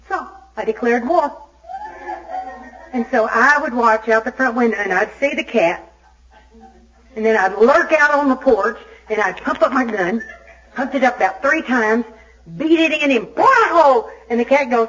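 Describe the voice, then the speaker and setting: A woman from Arkansas gives a recovery meeting talk as an Al-Anon speaker, telling her story in an animated, self-mocking way. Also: a little high, normal speed. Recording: dull lo-fi tape recording.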